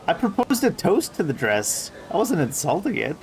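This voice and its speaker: A man's voice: a little high, wildly swooping pitch, normal speed, pitched above the performer's own voice. A man reading the lines of a plain-spoken, unimpressed male character in a video game, in a dry, matter-of-fact manner.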